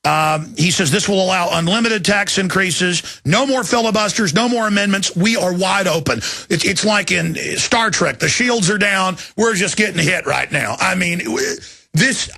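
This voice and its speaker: A man's voice: high voice, moderate pace, gravelly, bright, forceful tone. A middle-aged man hosting a talk radio show, emotional and alarmed as he reads news quotes aloud. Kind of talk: agitated talk radio monologue.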